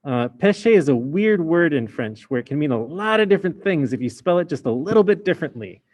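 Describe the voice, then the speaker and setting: A man's voice: fairly high pitch, big pitch swings, a little fast, a little mellow. A man teaching a French class in a casual explaining way, with many fillers. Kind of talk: recorded class lesson.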